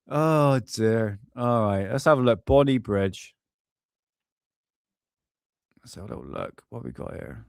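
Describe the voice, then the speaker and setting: A man's voice: on the low side, sing-song, slow pace, creaky, pauses often, no echo, studio quality. A man hosting a UFO live stream, rambling casually and swearing while he hunts for videos. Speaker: UFO channel host.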